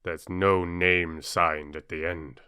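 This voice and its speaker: A man's voice: sits low, flat delivery, slow pace, sharp tone, clear, resonant tone, no room sound, clean studio sound, exaggerated voice. A man doing a pleading young knave. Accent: British English. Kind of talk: audiobook character voice.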